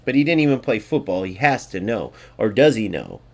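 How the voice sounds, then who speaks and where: A man's voice: fairly low pitch, sing-song, fairly quick, vocal fry. A man hosting a gaming video, giving casual gameplay commentary in a blunt, sarcastic way and talking straight to his viewers.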